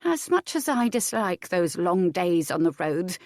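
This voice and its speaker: A woman's voice: fairly low pitch, big pitch swings, a little slow, a little mellow, dry recording, studio quality. A woman voicing a fussy, protective older female servant who grumbles and complains, in an audiobook. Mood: grumbling.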